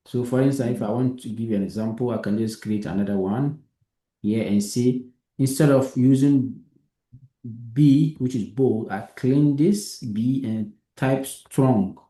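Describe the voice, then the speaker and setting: A man's voice: medium pitch, a little slow, dark tone, echoey room. A man teaching a live coding lesson, patient, who keeps asking if his student understands. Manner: patient, repeats himself and checks understanding.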